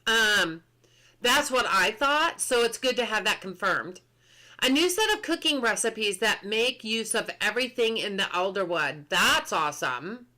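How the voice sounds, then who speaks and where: A woman's voice: medium pitch, lively intonation, a little slow, sharp tone. A woman game streamer chatting casually on a live stream, reading patch notes aloud, answering chat and laughing often.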